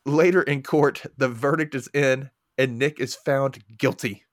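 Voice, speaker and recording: A man hosting a podcast, recapping a movie plot in casual chat as an animated storyteller with sarcastic asides. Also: mid-range voice, measured pace, dry recording, clean studio sound. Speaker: podcast host.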